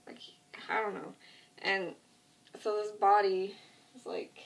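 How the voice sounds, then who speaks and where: A woman's voice: mid-range voice, little pitch movement, slow, far from the mic. A woman vlogger casually retelling a TV episode, rambling with lots of fillers like "like" and "you know". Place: at home, with a cat nearby.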